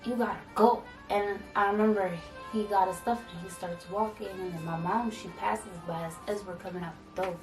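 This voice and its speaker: A young woman vlogger telling a dramatic storytime, acting out quoted dialogue in a lively way. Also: medium pitch, fairly quick, few pauses. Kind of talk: storytime vlog. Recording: roomy echo from a distant mic with faint music.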